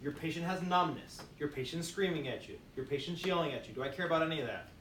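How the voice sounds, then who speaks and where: A man's voice: on the high side, quick pace, noisy background. A man teaching nursing students in a classroom, drilling points through repetition and quizzing the class with questions. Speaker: nursing instructor. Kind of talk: classroom demonstration lecture. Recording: echoey room, mic at a distance.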